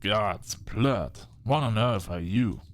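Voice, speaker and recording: A snobbish old English vampire doctor. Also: male voice, lowish voice, slow. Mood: startled. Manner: haughty, scoffing.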